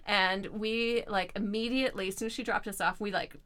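A woman telling a personal story in a casual chat, animated and laughing often as she acts out voices. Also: medium pitch, fairly quick. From Canada.

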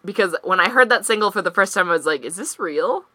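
A woman co-hosting a casual podcast, talking in a quick, jokey way and swearing freely. Her voice sounds bright and forceful. The sound is dry and close, with no room echo. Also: medium pitch, animated. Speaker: podcast co-host. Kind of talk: casual chat.

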